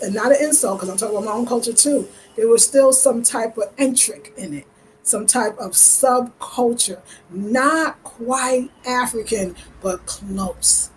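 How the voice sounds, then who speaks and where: A woman's voice: medium pitch, a little hiss or hum, rough recording. A woman from the United States giving an earnest, searching personal monologue as a vlogger, building her points through rhetorical questions. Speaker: lifestyle vlogger.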